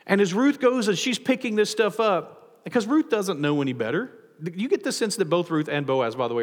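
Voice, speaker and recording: A man preaching a sermon as a pastor, animated, with frequent restarts and acted-out quotes. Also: fairly high pitch, long reverb tail.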